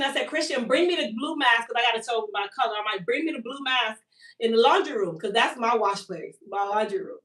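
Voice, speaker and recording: A woman in her thirties with a fairly high voice, hosting a casual live sales stream. She tells an animated, long-winded story. She sits back from the mic in an echoey room. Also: far from the mic. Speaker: hair care business owner and host.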